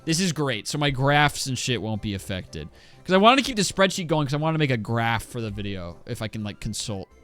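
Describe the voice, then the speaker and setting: Animated young man telling a story. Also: a little fast, soft background music. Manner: animated, swears freely, jumps into high mimicking voices. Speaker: streamer. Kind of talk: casual live-stream storytelling while gaming. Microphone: desk mic.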